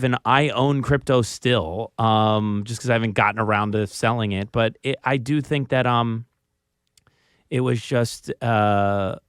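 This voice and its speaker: Smooth-voiced Philadelphia man, halting. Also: medium pitch, no room sound, clean studio sound. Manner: hesitant, many ums and restarts. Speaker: guest. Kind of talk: casual radio chat. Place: radio studio.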